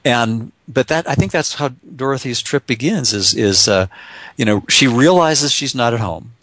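Halting, reflective man in dry sound. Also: mid-range voice, animated, fairly bright tone, no room sound. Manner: halting, many restarts and repeated words. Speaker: author guest. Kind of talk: casual reflective conversation.

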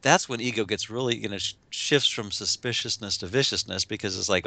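A man with a gravelly, bright edge talks through spiritual ideas in a loose, halting way, restarting his phrases and leaning on fillers. He laughs now and then and slips into quick acted voices. The sound is close and dry. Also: lowish voice, no echo. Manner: laughs often, acts out voices in quotes. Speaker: spiritual teacher. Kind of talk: casual spiritual discussion.

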